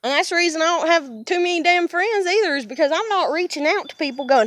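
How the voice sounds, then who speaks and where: A woman's voice: extremely high pitch, expressive, fast talker, hardly any pauses, a bit bright. A young woman from the United States venting bluntly to camera in an emotional personal rant, swearing heavily. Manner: blunt, heavy swearing, fiery. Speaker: vlogger.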